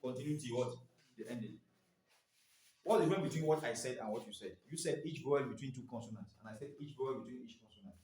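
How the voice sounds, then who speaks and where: A man's voice: medium pitch, animated, fast talker, mellow. A man in his forties running a staff training, quizzing the group and spelling out letters one by one. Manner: quizzing, often ends phrases with a prompting "what?". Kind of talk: classroom training lecture. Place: indoor training room. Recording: echoey room, mic far off.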